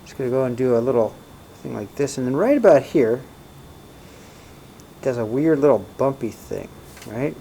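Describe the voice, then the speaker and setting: A man's voice: mid-range voice, animated, normal speed, gravelly, long pauses, warm tone, poor audio. Casual male math teacher, faint hiss. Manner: casual, checks in often with "right?" and "okay?". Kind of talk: recorded math lesson.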